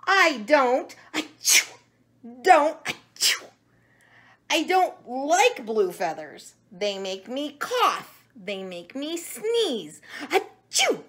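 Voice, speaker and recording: Woman voicing a storybook monkey, male, small, sneezing constantly, much higher than her own voice. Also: very animated, takes it slowly, few pauses, full character voice. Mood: apologetic. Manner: sneezing between words. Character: sneezy little male monkey, sorry and kind.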